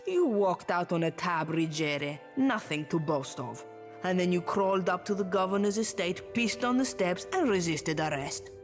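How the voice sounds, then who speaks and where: A woman's voice: fairly low pitch, expressive, soft background music, natural voice. A woman playing a weary, stern watch commander. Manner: curt, measured, weary authority. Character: tired, stern female town watch commander.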